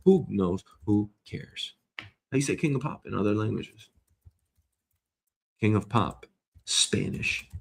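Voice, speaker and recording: Here the man's pitch is fairly low, with vocal fry, a breathy edge, a measured pace and long pauses. He hosts a solo comedic news show, swearing and rambling as he mock-argues with an imagined listener.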